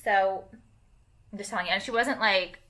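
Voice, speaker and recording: A woman's voice: medium pitch, steady tone, moderate pace, sharp tone. A young woman vlogging casually to camera while doing her makeup, rambling with lots of fillers and casual swearing.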